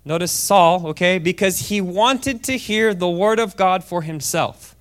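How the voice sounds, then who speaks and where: Male preacher, high smooth voice, casual asides that build to loud fervent readings. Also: animated, a little slow, hardly any pauses. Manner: chatty, checks in with "okay?" often. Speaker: guest preacher. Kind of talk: sermon with scripture reading. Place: church service.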